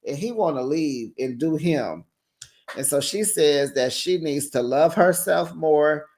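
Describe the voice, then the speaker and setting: A reality TV recap host giving sassy, animated, gossipy commentary and calling viewers honey and girl in a casual, chatty way. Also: medium pitch, measured pace. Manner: talks in a breezy, chatty way.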